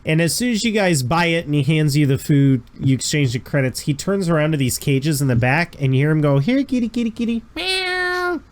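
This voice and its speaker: A man's voice: a little high, fairly quick, few pauses. A man running a tabletop role-playing game as game master, narrating scenes in a casual, descriptive way. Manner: casual, descriptive, chuckling asides.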